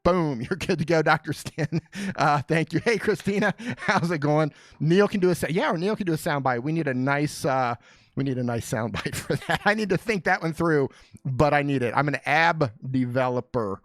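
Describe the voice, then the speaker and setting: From a small studio, a man hosts an easygoing live Q&A, cracking jokes and eagerly calling out viewers by name. He sounds pumped, speaking a little high at normal speed, with no room sound.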